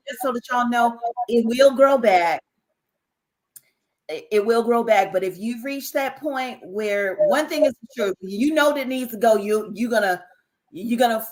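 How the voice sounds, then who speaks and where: A woman speaks as a podcast guest, her voice sitting on the higher side. She tells her story in an animated, conversational way, circling back over her words and turning to address listeners directly. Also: rough recording. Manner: animated, repeats herself, talks straight to listeners. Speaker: guest, author. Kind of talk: casual interview storytelling.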